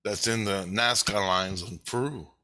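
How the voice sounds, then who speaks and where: A man's voice: on the low side, a little slow. A man telling a rambling story in a casual monologue, cursing freely and acting out the voices of the people he quotes. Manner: animated, profane, acts out quoted voices. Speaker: vlogger.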